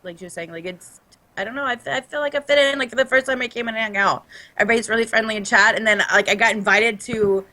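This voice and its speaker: A woman's voice: on the high side, fast, sharp tone, poor audio. A woman guest on a casual podcast chat, talking loosely and swearing.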